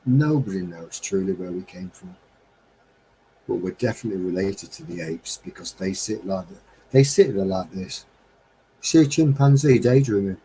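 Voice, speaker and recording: A man's voice: low voice, moderate pace, mellow, slight background noise, rough recording. A man hosting a casual live-stream chat from a home setup, talking in a rambling, chatty way and chuckling often. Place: home studio with green screen.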